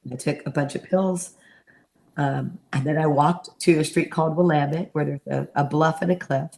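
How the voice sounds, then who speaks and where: A woman's voice: deep voice, fairly even intonation, moderate pace, creaky, darkish tone. A middle-aged woman giving an earnest personal testimony in an interview, acting out the voices she remembers. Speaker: interview guest, mentor and therapist.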